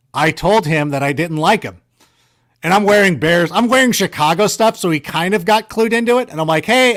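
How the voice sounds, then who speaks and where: A man tells stories as an interview guest, his fairly high voice rambling and doubling back on itself. He talks in an animated, self-correcting way, with sarcastic banter woven in. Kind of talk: casual storytelling.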